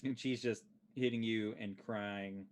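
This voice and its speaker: Slow, halting man running a tabletop game. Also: on the low side, fairly even intonation. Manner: slow, halting narration with many fillers. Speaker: dungeon master.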